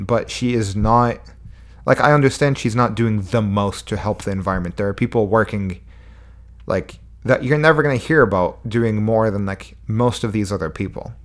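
A young man co-hosting a casual podcast, heated and exasperated, swearing as he argues. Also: fairly low pitch. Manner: heated, exasperated, mocks others in put-on quotes. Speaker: podcast co-host. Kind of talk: casual profane banter.

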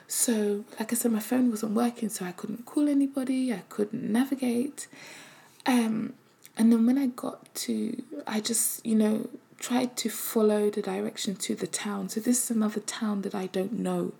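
Woman giving a faith testimony: soft, hesitant delivery with a gravelly, mellow tone. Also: medium pitch, fairly even intonation, unhurried. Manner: soft-spoken, often dropping to a breathy half-whisper; hesitant, with many fillers. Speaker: mother sharing a faith testimony. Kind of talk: personal testimony.

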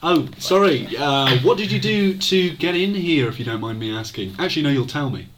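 A man's voice: fairly high pitch, lively intonation, normal speed, noisy background, close to an everyday voice. Man doing a grumpy prison guard. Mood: questioning. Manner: dry, irritable questioning.

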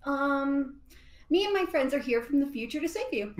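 High-voiced young woman with a lisp. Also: animated, moderate pace, reverberant. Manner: giggly, casual, drawling. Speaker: player. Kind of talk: in-character tabletop play.

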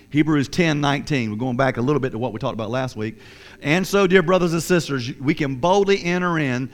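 A man preaching a sermon, earnest and repetitive, often voicing the thoughts of a guilty listener. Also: a little high. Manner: earnest, repetitive, acts out inner voices. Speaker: pastor.

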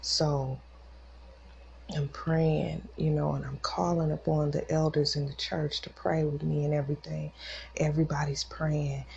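A woman with a low, gravelly voice shares a personal faith testimony in a loose, conversational way. She voices the other people in her story with feeling. The recording is dull and lo-fi, with a faint hiss underneath. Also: little pitch movement, a little slow, a little mellow. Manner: emotional, acts out quoted voices. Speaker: podcast host.

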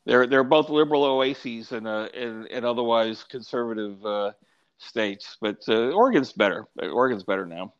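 A man's voice: medium pitch, moderate pace, smooth. A man chatting as a guest, often hesitating and repeating his words. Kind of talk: casual conversation. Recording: dull lo-fi sound.

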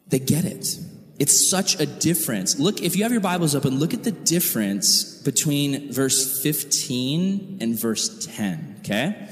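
A man preaching a youth sermon to high school students, animated and slangy, acting out quotes as he goes. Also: unhurried, reverberant, in a large hall. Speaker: youth pastor.

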